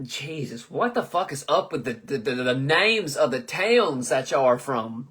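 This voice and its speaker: A man's voice: medium pitch, expressive, a little slow, few pauses, a bit bright, husky. A man in his twenties hosting a live comedy chat, reading viewer comments and joking loosely with lots of swearing. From southern United States. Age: 20s. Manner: loose, profane, joking, stumbles over names. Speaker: host.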